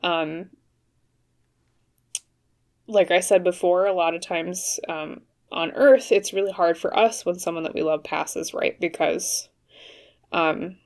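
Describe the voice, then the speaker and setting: Female tarot reader, lower register, careful, halting delivery to camera. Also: fairly even intonation. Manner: hesitant and careful, many fillers and restarts. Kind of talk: pick-a-card tarot reading to camera.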